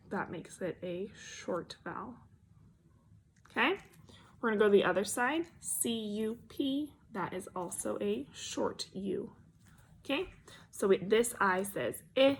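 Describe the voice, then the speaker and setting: A woman teacher giving a phonics lesson to young children, encouraging and patient, sounding out letters slowly and clearly. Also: mid-range voice, a little hiss or hum.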